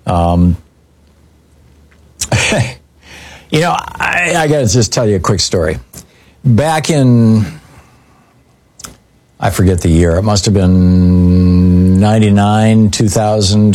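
A middle-aged male radio host talking casually to his listeners. He wanders through his stories with fillers and self-corrections, in a relaxed, chatty way. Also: on the low side. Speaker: radio talk show host. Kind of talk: casual call-in radio talk and storytelling.

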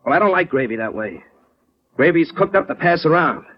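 A scrappy, streetwise working man with a husky voice that swings up and down, played by an actor, proud and quick to argue. It sounds like a dull, lo-fi 1940s radio drama recording. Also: fairly high pitch, animated. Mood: indignant. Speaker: insurance clerk.

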